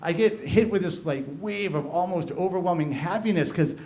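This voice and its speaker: A man's voice: high-pitched, moderate pace, darkish tone. A man telling a first-person story at a live storytelling event, in a conversational way with frequent fillers and restarts.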